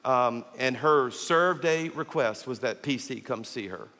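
A man's voice: medium pitch, unhurried. A man preaching a sermon as pastor, telling stories animatedly and acting out the dialogue. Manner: animated storyteller who acts out dialogue. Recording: long reverb of a large hall.

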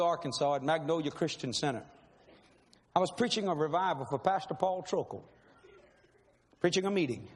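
High-voiced preacher telling a dramatic story. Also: male voice. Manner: dramatic, emphatic, laughing storyteller. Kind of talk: sermon testimony storytelling. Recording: long hall reverb, faint background hiss.

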